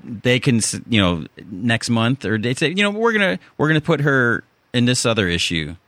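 A man's voice: medium pitch, sing-song, normal speed, fairly bright tone, no echo. A man with a Chicago accent, hosting a casual podcast chat and rambling through restarts and fillers. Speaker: podcast host.

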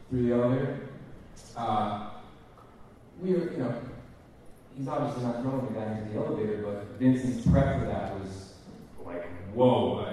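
A man telling stories on a convention panel in a chatty, animated way, with lots of filler words. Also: medium pitch, slight background noise. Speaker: panel guest actor. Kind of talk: casual convention panel talk. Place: large echoey hall. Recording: echoey hall, mic from far off.

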